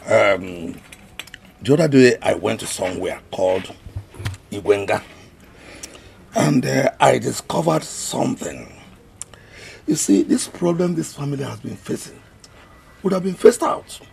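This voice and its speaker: An actor with a Nigerian accent playing a scheming older uncle who talks slowly and defiantly in a film drama. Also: male voice, mid-range voice, expressive, a little mellow, full character voice. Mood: persuasive. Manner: gravelly, slow and indignant.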